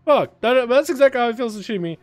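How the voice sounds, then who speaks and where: High-voiced, swearing male game streamer. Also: fast, faint music behind. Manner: profane, excitable, swings into loud outbursts. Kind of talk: casual livestream commentary.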